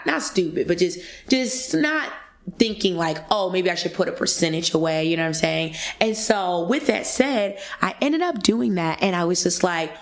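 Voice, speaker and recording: A young woman in her twenties telling a casual, animated story to podcast listeners and acting out the voices she quotes. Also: on the low side, vocal fry. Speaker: podcast guest speaker.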